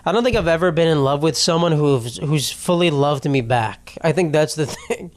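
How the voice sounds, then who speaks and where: A man's voice: a little high, normal speed. A young man hosting a podcast, talking casually in a rambling, self-deprecating way, swearing often and laughing mid-sentence. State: tearful after a loss. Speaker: podcast host. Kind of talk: casual solo podcast monologue.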